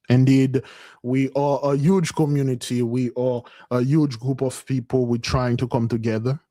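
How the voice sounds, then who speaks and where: A man giving a livestream sermon in a loose, conversational way, repeating phrases and calling his listeners "beloved", with his voice swinging between loud and soft. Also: mid-range voice, level tone, normal speed. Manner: repetitive, calls listeners "beloved". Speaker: spiritual teacher leading a community fast.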